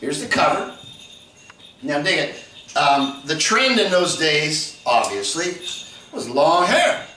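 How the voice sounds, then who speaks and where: A man hosts a record review, chatting with excitable hip slang. His voice sits high and bright, with animated swings in pitch. He sits back from the mic in an echoey room with faint noise behind. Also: slow, long pauses, far from the mic. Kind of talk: casual enthusiastic monologue.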